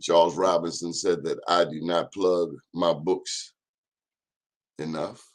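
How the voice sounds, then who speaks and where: A man's voice: sits low, steady tone. A man hosting a casual live-stream monologue, chatting and speaking straight to his viewers. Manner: chatty, addresses viewers directly, drawn-out phrases. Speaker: host.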